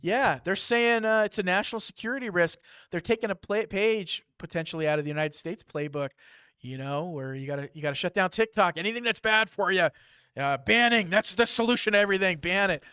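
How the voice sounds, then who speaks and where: Man, news briefing host, chatty and joking, high-ish voice, dry close sound. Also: a little fast, clean tone, dry recording. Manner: lively and chatty, with asides and jokes.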